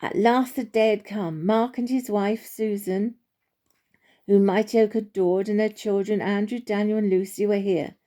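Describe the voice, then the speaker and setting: A woman reading a children's storybook aloud in a gentle, unhurried way, with small slips and restarts. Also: medium pitch, fairly even intonation.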